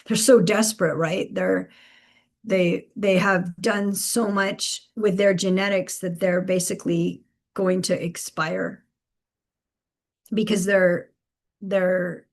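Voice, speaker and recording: A woman's voice: fairly low pitch, creaky. A woman hosting a live spiritual guidance stream, speaking emphatically, repeating key phrases and laughing between points.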